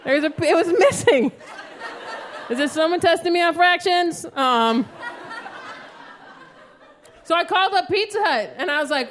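A woman performing a stand-up comedy set, telling stories animatedly and acting out her own yelling. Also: extremely high pitch, lively intonation, a little slow, pauses often, a faint crowd, slight background noise. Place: live comedy stage with an audience. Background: audience laughter.

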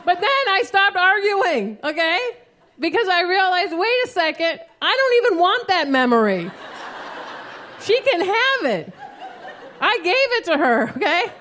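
High-voiced woman doing stand-up. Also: normal speed. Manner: animated storytelling, acts out her own yelling. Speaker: stand-up comedian. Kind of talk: stand-up comedy set. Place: live comedy stage with an audience. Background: audience laughter.

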